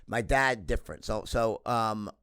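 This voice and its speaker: A man's voice: fairly low pitch, unhurried, clear, resonant tone. A middle-aged man as a podcast guest, telling stories animatedly with lots of swearing and restarts. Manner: animated, profane, frequent restarts and "right?". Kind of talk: casual interview storytelling.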